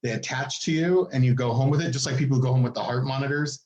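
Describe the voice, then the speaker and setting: A man's voice: fast talker, muffled recording. A man co-hosting a podcast, telling a story in casual chat and acting out the people in it with big swings in his voice. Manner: animated, acts out quoted people with big pitch jumps. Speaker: podcast co-host. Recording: echoey room.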